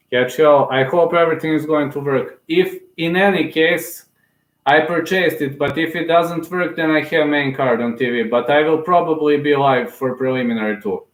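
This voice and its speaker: A man from Serbia, giving fervent live fight commentary on his own stream and cheering loudly for his fighter. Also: medium pitch, reverberant, poor audio.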